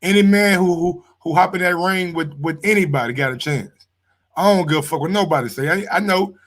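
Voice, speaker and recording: A man hosting a live sports reaction stream talks fairly quickly in a voice that sits rather high for a man. He's loud and excitable, swears freely, and addresses his viewers directly as though they were right there in the room.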